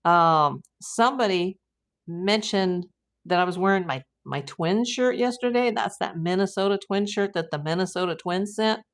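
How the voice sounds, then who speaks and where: Middle-aged american woman chatting on her livestream, kinda low voice, rambly w lots of ums. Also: normal speed. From United States. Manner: chatty, rambling, many fillers and restarts. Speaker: private investigator livestream host. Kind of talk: casual livestream chat reading viewer comments.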